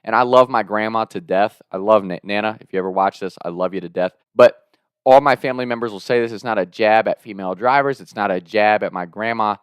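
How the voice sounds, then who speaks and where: A young man in his twenties telling a wild story in a casual, animated way, swearing and laughing as he goes. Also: lowish voice, quick pace, clear, resonant tone, dry recording. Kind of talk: casual spoken anecdote.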